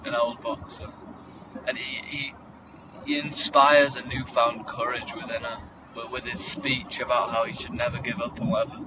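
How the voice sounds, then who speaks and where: A man's voice: mid-range voice, flat delivery, moderate pace, noisy background. Hesitant man, far from the mic. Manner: hesitant, lots of fillers. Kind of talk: comedic chat.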